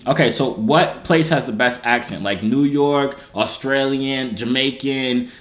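A man's voice: mid-range voice, measured pace, a bit bright. A man, joking and flirting with strangers on a video chat. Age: 30s. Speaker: host. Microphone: phone or webcam. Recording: echoey room, faint noise.

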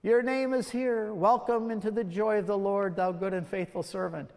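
A man voicing a thunderous God on the judgment throne, speaking in a booming, solemn way. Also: fairly even intonation, moderate pace, vocal fry. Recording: long lecture hall reverb.

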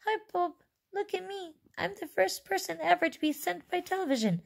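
A woman voicing a shrunken, bratty little boy in a tiny squeaky voice while reading a storybook aloud. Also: normal speed, vocal fry. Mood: gleeful.

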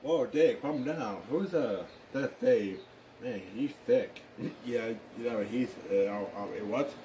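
A man improvising a fan drama, talking in a rambling, halting way with excitable exclamations. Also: medium pitch, very noisy. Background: music.

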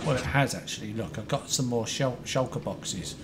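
An excitable, chatty man livestreaming a game, greeting viewers by name. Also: medium pitch, moderate pace, creaky, hardly any pauses, noisy background. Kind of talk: casual live-stream chat. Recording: faint music behind.

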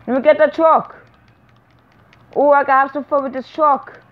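Excitable woman over a tinny line. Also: high-pitched, normal speed. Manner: excitable, chatty, laughs often, talks to herself. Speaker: gameplay commentator. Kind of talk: casual gameplay commentary. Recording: tinny phone-like sound.

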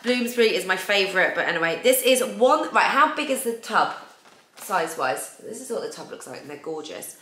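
A woman's voice: medium pitch, sing-song, brisk, a bit bright. A woman in her thirties hosting a casual beauty unboxing, chatty and gushing over each product. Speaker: beauty vlogger host. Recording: echoey room with faint noise.

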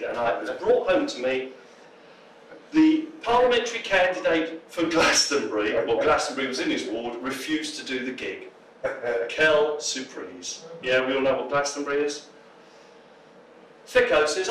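A man's voice: fairly high pitch, a bit bright, slight background noise. A man gives a jokey public talk to an audience in a pub function room, telling anecdotes and acting out the voices of the people in them. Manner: jokey storyteller, acts out quoted voices. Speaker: political speaker. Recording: roomy, distant mic, faint ambience.

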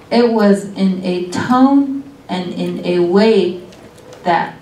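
Middle-aged woman giving a talk, slow and thoughtful, sounds far from the mic in a roomy hall w/ faint hiss. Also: medium pitch, a little mellow. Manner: earnest, reflective, speaks slowly with pauses. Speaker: guest lecturer on weaving. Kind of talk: college lecture talk. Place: lecture room at a college. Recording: echoey room, distant mic, faint noise.

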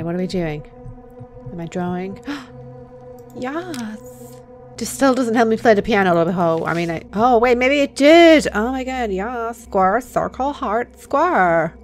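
Profane, jokey woman gaming host. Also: fairly high pitch. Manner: profane, jokey, bursts between loud outbursts and whispers. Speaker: let's play host. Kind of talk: gameplay commentary.

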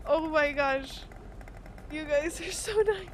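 A woman's voice: high-pitched, slow pace, long pauses, slight background noise. A woman game streamer on a live stream, giggly and overwhelmed as she thanks her viewers, swearing casually.

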